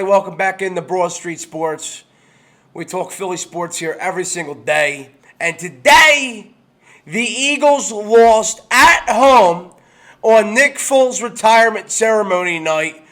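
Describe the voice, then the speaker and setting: A furious man hosts a solo sports talk show in a high, sharp voice. He hammers the same complaints over and over and trips over his words as his anger builds. His delivery stays heated and bitter throughout. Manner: stumbles and restarts when worked up. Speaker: sports podcast host.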